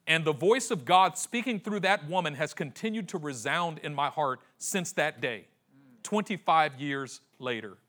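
Impassioned high-voiced male pastor in his forties. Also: lively intonation, moderate pace. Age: 40s. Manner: impassioned, swinging between hushed and loud; repeats phrases for emphasis. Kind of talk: sermon.

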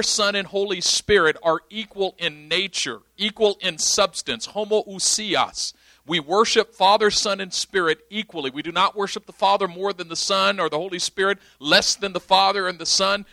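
This young man's voice sits high, pushed and bright, with no echo on the recording. As a pastor teaching a sermon, he explains points emphatically and keeps checking that his audience understands.

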